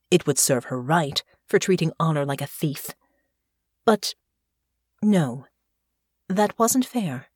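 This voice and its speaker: A woman narrating an audiobook in a measured, expressive way. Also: lowish voice, no echo, studio quality. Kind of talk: scripted narration.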